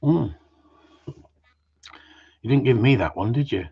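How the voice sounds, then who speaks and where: A man's voice: mid-range voice, lively intonation, a little slow, creaky, breathy edge. Rambling, jokey man on a muffled stream. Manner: rambling, jokey, swears freely, tag questions. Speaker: host of a live Q and A. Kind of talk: casual live-stream chat. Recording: muffled lo-fi audio.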